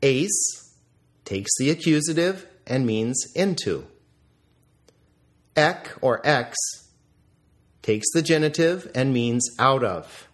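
A man teaching, reviewing vocabulary in a deliberate lecture style with careful pronunciation drills. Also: mid-range voice, animated.

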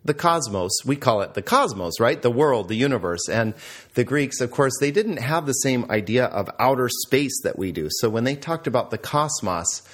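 A man's voice: mid-range voice, animated, moderate pace. A man teaching a Greek grammar lesson, explaining patiently and quizzing the listener.

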